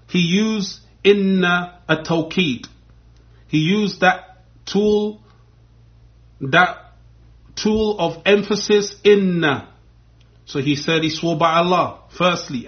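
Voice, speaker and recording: A man giving a religious lesson, explaining step by step and repeating key points. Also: high-pitched. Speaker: Islamic teacher. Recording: dull lo-fi recording.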